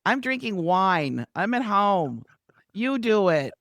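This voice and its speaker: A woman putting on a brash, bossy celebrity who bluntly hands off her own show, in a loud, drawling voice. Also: medium pitch, big pitch swings, slow, no room sound, studio quality, voice pushed up, full character voice. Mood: blunt, offhand.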